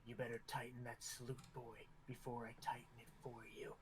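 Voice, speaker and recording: A man voicing a stern, gruff male drill instructor who barks clipped orders in a tabletop game. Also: on the high side, fairly even intonation, measured pace, crowd noise. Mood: menacing.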